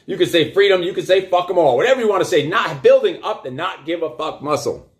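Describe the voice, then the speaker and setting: A middle-aged man coaching and hosting, delivering a loud, profane motivational rant and hammering words through repetition. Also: sits high, expressive, quick pace. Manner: loud, emphatic, swears constantly, repeats phrases for punch. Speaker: coach and show host.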